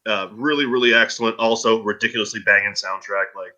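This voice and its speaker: A man's voice: on the low side, steady tone, fast talker, pushed and bright, rough recording. A man chatting easily as a podcast guest on a video call, with filler words and restarts. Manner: easygoing, hesitant with fillers. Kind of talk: casual chat.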